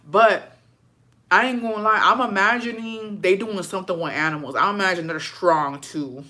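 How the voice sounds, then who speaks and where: On a livestream, a Texas woman chats loosely with her viewers, gossiping, cursing without hesitation, and dropping Spanish phrases into her English. Her voice sits fairly low and comes across bright and pushed.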